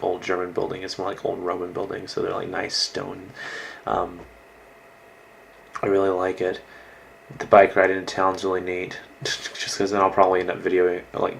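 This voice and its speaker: Young American guy, low creaky drawl. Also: slight background noise, low-quality recording. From United States. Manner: rambling, lots of likes and ums, swears casually. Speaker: exchange student. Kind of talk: casual video diary. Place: indoors in a host family's house.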